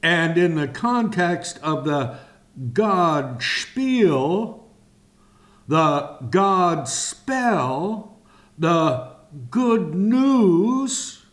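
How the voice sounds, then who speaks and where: Man giving a bible lesson, super slow, pauses a lot, kinda high voice. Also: expressive, fairly bright tone. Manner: very slow, drawn-out phrasing with long pauses. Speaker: Bible teacher. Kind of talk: slow deliberate sermon teaching.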